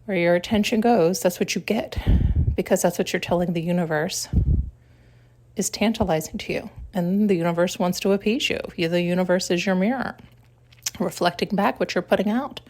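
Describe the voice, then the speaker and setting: Reflecting aloud on spiritual matters, this podcast host speaks in a low, darkish voice. She hunts for the right words with pauses and self-corrections, occasionally becoming tearful.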